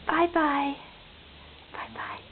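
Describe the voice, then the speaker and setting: A woman's voice: high voice, huge pitch swings, extremely slow. A woman filming her toddler at home, coaxing him in a sing-song voice and praising him over and over. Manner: sing-song, praising, doting baby talk. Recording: tinny lo-fi home video with faint hiss.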